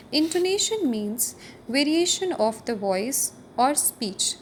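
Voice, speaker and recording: A woman's voice: a little high, slight background noise. A woman teaching a recorded lecture over slides, explaining terms and stressing key words.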